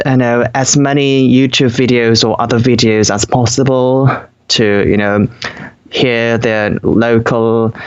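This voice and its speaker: Slow-talking young Korean man, hesitant. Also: medium pitch, clear, resonant tone, muffled recording. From South Korea. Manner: hesitant, laughs often, many fillers. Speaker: guest. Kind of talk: casual podcast chat.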